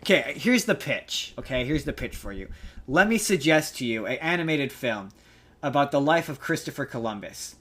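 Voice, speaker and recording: Male podcast host, mid-pitched, playful, laughs often. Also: lively intonation, moderate pace, a bit bright. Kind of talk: casual chat.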